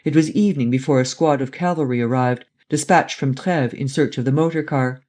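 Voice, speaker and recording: Mellow male audiobook narrator. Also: medium pitch, brisk. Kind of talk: scripted narration.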